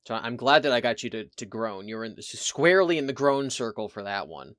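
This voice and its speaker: A man's voice: medium pitch, lively intonation, a little fast, a bit bright, no echo. Playful punning man, dry sound. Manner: playful, punning, laughs often. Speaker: podcast co-host. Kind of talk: casual chat.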